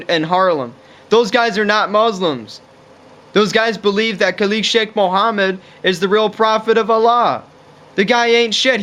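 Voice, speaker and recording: A man with a fairly high voice rambles through a casual, profane monologue to camera. He piles on fillers like "you know" and "like" as he talks. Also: sharp tone. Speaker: vlogger.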